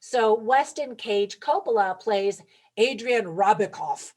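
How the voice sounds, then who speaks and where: A woman's voice: mid-range voice, slow pace, a little mellow. A woman talking through a movie review for her viewers, chatty and upbeat, with light laughs. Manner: talks straight to viewers. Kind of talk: casual movie review vlog.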